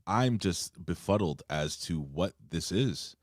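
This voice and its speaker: Lively low-voiced New man. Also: slow pace, no room sound, studio quality. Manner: animated, profane storytelling. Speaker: podcast co-host. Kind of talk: casual chat.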